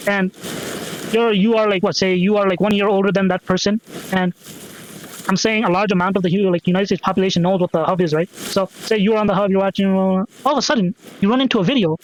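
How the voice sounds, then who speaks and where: High-voiced rambling man podcasting alone. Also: steady tone, quick pace, low-quality recording. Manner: rambling, profane, repeats himself with many fillers. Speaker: podcast host. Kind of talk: rambling solo podcast monologue.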